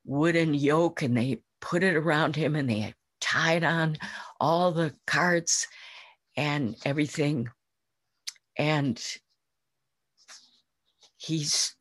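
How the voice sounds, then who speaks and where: Casting: a woman Zen teacher narrating a parable, slow and gentle, husky, dry close sound. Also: sits low, no room sound. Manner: gentle, unhurried storytelling. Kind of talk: dharma talk storytelling.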